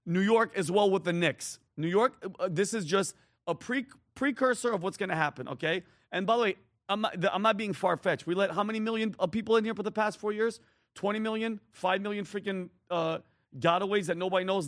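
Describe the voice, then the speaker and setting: A man's voice: high-pitched, fairly bright tone, no room sound, clean studio sound. A man co-hosting a talk show, giving heated, emphatic political commentary and directing the screen operator. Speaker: co-host.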